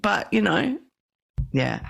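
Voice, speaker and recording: A chatty, playful woman hosts a podcast and talks at length, laughing easily as she goes. Her pitch swoops and bounces through each sentence. A gravelly fry runs through her lower notes. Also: sing-song, slow, a bit bright. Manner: chatty and playful, laughs often, self-described big talker. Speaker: podcast host. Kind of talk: casual podcast conversation.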